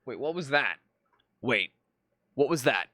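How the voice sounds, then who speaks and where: Bright, lively-voiced streamer thinking aloud. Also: medium pitch, a little slow, no echo, studio quality. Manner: thinking aloud, with frequent stammered restarts. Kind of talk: casual live-stream commentary.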